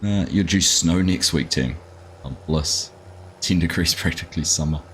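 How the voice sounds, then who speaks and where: A man's voice: low-pitched, brisk, a bit bright, a little hiss or hum. A middle-aged Australian man hosting a live gaming stream, chatting casually and greeting viewers by name, often calling them mate. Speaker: livestream gaming host.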